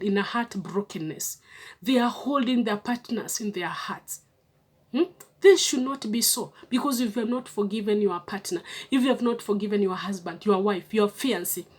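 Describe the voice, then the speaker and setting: Woman, husky voice, middle pitch, coaxing advice talk. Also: darkish tone. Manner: earnest, coaxing, asks "hmm?" often. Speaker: relationship advice speaker.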